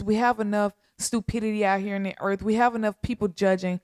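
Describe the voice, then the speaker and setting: A woman hosting a podcast, making a heartfelt spoken appeal in a slow, earnest, pleading way with a lot of repetition. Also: mid-range voice, steady tone, darkish tone, dry recording, studio quality. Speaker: podcast host.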